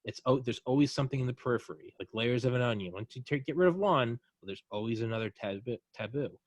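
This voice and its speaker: A man hosting a podcast talks in a blunt, profane, animated way, pressing his argument hard. His voice sits at a middle pitch. The sound is dry and close, with no room around it. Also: quick pace, no room sound. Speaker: podcast host. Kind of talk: casual conversational podcast.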